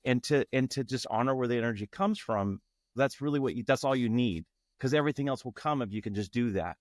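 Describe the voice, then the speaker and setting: A man's voice: medium pitch, fast, darkish tone, no echo, studio quality. A man speaking as a guest in an interview, earnest and searching, often restarting his phrases. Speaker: guest, tantra facilitator. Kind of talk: reflective interview talk.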